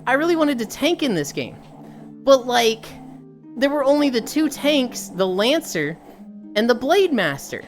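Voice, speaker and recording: A woman's voice: sits high, sing-song, measured pace, soft background music, voice pushed up. A woman doing a nervous young gamer guy ranting. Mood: mocking. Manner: brash, mocking, overexcited.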